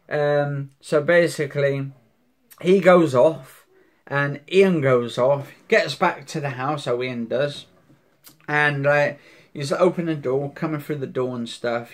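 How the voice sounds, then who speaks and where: A man rambling through a casual recap of a soap episode, repeating himself and swearing now and then. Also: medium pitch.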